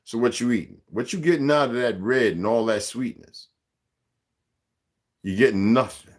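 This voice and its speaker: A man in his sixties hosts a livestream in a mid-range voice at a moderate pace. He delivers a rambling, profane, streetwise rant aimed straight at his viewers and chat.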